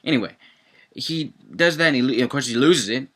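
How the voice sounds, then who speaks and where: A young man reviewing a cartoon episode in casual chat, rambling with lots of fillers and breaking into excited outbursts. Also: brisk. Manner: rambling, heavy on fillers, swings into excited high-pitched outbursts.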